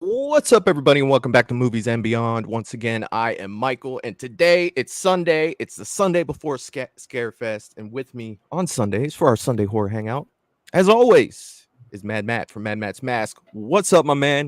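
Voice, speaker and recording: A young man hosting a casual live-stream chat, excited and rambling, swearing freely as he talks. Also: medium pitch, normal speed, no echo, studio quality. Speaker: host.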